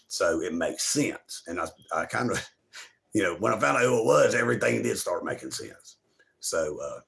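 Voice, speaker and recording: A man hosting his own show, giving a profane, preachy spiritual monologue to viewers, swinging between loud bursts and near-whispers. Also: low-pitched. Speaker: show host.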